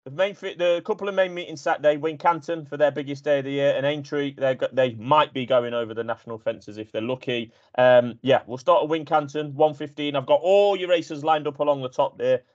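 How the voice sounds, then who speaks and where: Brisk racing-show host. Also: male voice, on the high side, highs cut off. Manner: brisk, steering, teasing. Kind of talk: casual racing chat.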